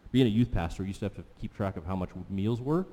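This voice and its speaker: A man's voice: fairly low pitch, fast, warm tone. A man pastor preaching a sermon in a conversational way, putting questions to the congregation. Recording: long hall reverb.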